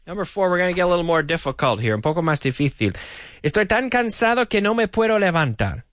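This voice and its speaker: Lively radio English teacher, man. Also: high voice. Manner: animated, repeats each sentence slowly for learners. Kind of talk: radio language lesson.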